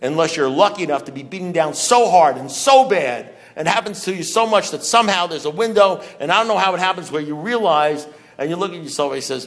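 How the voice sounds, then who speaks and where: A man's voice: fairly high pitch, animated, a little fast. A man speaking at a recovery meeting, preaching with rhetorical questions and wry humor. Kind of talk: impassioned talk to a meeting. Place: meeting room with an audience.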